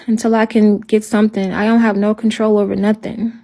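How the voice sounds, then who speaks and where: A woman talking on a livestream in halting, repetitive speech, sounding hopeless and stressed. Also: medium pitch, flat delivery, dark tone. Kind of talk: emotional livestream talk.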